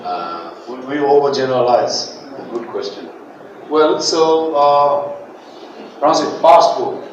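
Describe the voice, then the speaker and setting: A Bangladeshi man whose first language is Bengali, teaching English pronunciation in a classroom, modelling words with lively jokes and laughter. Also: medium pitch, takes it slowly, highs cut off. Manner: animated, joking, laughs often, models words for students. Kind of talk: classroom lecture with repeat-after-me drills. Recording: echoey classroom, distant mic, background noise.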